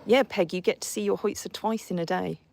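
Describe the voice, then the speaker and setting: A woman's voice: mid-range voice, steady tone, a little fast, vocal fry, a little hiss or hum. A woman hosting a casual live stream from horseback outdoors, reading viewer comments and cooing and scolding her horses in between.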